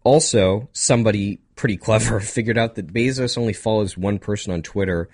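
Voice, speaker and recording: A young man with a slightly nasal, fairly low voice, talking loosely and rambling through topics. He jumps between thoughts with quick asides and laughs. The recording is close and dry. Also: a little mellow, slightly rough, dry recording. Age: young adult. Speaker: podcast co-host. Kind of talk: casual chat.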